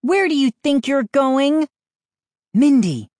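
A woman's voice: high voice, expressive, slow, a little mellow, no room sound, clean studio sound, voice pushed up. A woman voicing a worried young girl who whispers in alarm.

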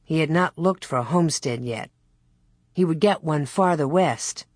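A woman reading a classic children's story aloud in a steady, unhurried narration. Her voice sits low and a little husky, recorded close and dry with no room around it. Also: dry recording. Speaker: audiobook narrator. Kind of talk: scripted narration of a children's novel.

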